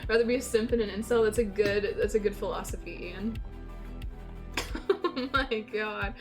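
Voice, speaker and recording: A woman's voice: medium pitch, normal speed, over music. A woman streamer chatting casually with her viewers, teasing them and laughing often.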